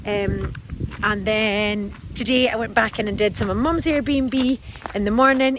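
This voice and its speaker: A woman in her forties, chatting casually as she walks outdoors with her dog, rambling and calling the dog in a high sing-song. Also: unhurried. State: out of breath. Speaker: lifestyle vlogger. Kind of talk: casual walk-and-talk vlog. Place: outdoors in a garden and field. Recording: outdoor recording with background noise.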